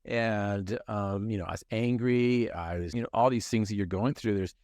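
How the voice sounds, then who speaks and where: A man's voice: fairly low pitch, moderate pace, a little mellow, no room sound. A middle-aged man telling his personal story in a conversation, earnest and emphatic, repeating phrases for effect.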